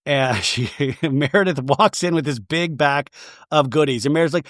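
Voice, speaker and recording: A man hosting a comedic recap podcast, with an animated delivery that keeps slipping into exaggerated voices for the people he quotes. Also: a little high, normal speed, no echo, clean studio sound. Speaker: podcast host recapping reality TV.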